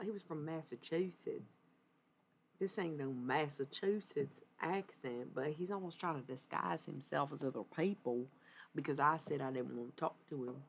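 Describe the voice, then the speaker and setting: A woman's voice: low-pitched, moderate pace, vocal fry, slight background noise. A woman from Texas rambling loosely and profanely in a casual live stream about channeling spirits. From Texas, United States.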